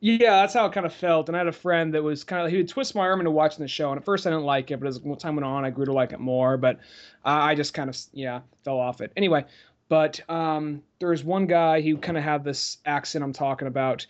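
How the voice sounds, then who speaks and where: A man with a slightly high voice rambles through a story in relaxed podcast chat, restarting his sentences as he goes. The audio is dull and a bit lo-fi. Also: brisk. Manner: rambling, stop-start storytelling with lots of fillers. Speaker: podcast host. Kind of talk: casual chat.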